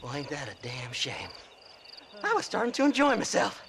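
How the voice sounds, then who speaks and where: An actor playing an unhinged, creepy grave robber who taunts and cackles gleefully in a video game cutscene. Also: male voice, fairly high pitch, huge pitch swings, moderate pace, creaky, fairly bright tone, a little hiss or hum, heavily acted. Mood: menacing glee.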